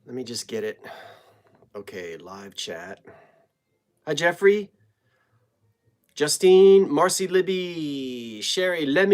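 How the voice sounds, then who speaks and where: Middle-aged live-stream host, unhurried and rambling, greets viewers one by one from a home basement, trails off mid-sentence. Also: medium pitch, very animated.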